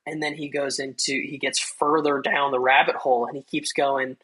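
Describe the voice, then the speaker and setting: Husky, forceful man chatting casually. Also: on the high side, level tone, brisk, poor audio. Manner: loose and rambling, many fillers, acts out quoted lines. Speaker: podcast host. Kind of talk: casual film review chat.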